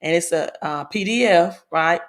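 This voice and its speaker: Chatty Southern woman livestreaming. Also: lowish voice. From Mississippi, American South. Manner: chatty, repeats herself, tags sentences with "right?"; reads news aloud haltingly. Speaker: livestream host on crypto and money. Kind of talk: casual livestream talk.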